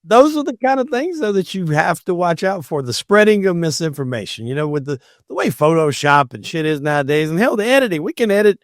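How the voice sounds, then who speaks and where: A man with a fairly high voice hosts a casual podcast discussion. He drives his points home with emphatic, animated delivery. The recording is dry and close. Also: brisk, few pauses, dry recording. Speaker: podcast host.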